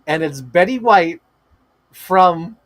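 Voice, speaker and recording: An excitable man streaming to his chat, gushing and swearing as he rambles on with "like" after "like". His voice sits a bit high, and the sound is close and dry, with no room around it. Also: slow, no room sound. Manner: gushing, profane, rambling with many "like" fillers. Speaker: livestream host. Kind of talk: excited casual livestream chat.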